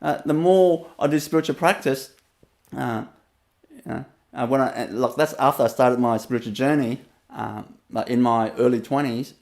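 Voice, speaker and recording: A man's voice: medium pitch, moderate pace, creaky, darkish tone. A man with a Vietnamese accent gives a rambling, storytelling webinar talk as a spiritual teacher, laughing often and leaning on fillers.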